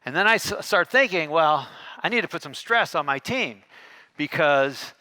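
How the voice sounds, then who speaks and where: A man giving a keynote talk on a conference stage, telling a story and acting out the dialogue with lively shifts in tone. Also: fairly high pitch, moderate pace. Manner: animated, acts out dialogue with shifting tones. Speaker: keynote speaker.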